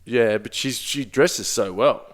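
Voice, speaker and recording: A man's voice: medium pitch, takes it slowly. A man with an Australian accent, in his thirties, telling rambling anecdotes in a casual chat. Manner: laid-back, rambling anecdotes with filler words. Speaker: comedian guest.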